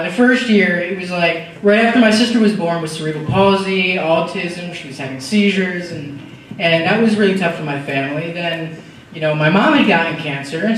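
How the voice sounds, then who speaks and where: A teenage boy giving a heartfelt, halting speech to his school, full of "you know" fillers. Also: sits high, a bit bright. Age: teens. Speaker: student giving a farewell speech. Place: large school hall or auditorium. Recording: echoey distant hall mic with noise.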